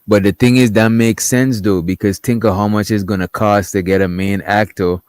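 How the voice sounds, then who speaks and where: A man co-hosting a podcast in casual chat, ranting in a profane, animated way and calling people bro. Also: on the low side, moderate pace, clean tone, no room sound, studio quality. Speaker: podcast co-host.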